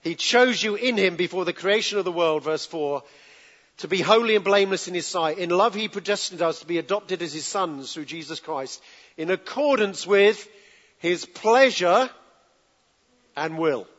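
Man, preacher, sermon, fairly high voice, conversational, coaxing the congregation, dull lo-fi sound, long hall reverb. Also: moderate pace, a bit bright. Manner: conversational, asks the congregation to answer back.

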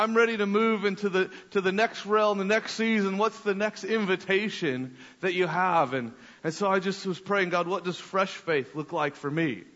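A man preaching a sermon, telling a story in an animated way and often repeating his words. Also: high voice. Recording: echoey hall, dull lo-fi sound.

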